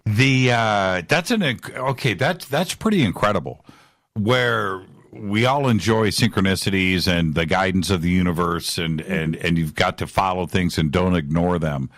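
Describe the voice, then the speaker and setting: Deep-voiced male talk show host. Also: a bit bright, dry recording, studio quality. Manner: affirming with repeated "right, right", halting restarts. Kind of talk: radio talk show interview.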